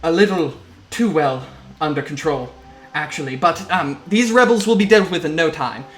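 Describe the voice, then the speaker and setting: A man's voice: fairly high pitch, moderate pace, fairly bright tone, echoey room, lightly acted. A man voicing a frazzled female military captain who stammers and hurries through her report. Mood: flustered. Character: flustered female military captain under fire.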